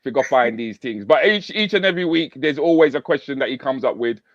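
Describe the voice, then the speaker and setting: A man's voice: medium pitch, expressive, quick pace, dry recording, lo-fi sound. A man hosting a casual online chat show, easygoing, often restarting and repeating himself.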